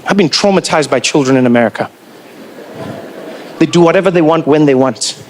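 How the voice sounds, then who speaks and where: A South African man in his forties performing animated stand-up comedy and acting out characters as he tells stories. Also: a little high, brisk, a little hiss or hum. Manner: animated storytelling, acts out characters.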